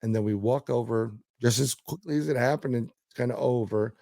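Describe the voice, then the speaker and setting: A man's voice: mid-range voice, brisk, gravelly, warm tone, dry recording. A man, a paranormal investigator, telling a story as a guest in a casual interview; he rambles, repeats words and acts out quotes.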